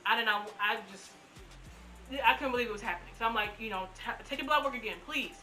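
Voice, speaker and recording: A woman in her twenties telling her own story in a casual, animated way, acting out what people said. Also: on the high side, fast talker, faint music behind, rough recording. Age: 20s. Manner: animated, acts out quotes. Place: room at home.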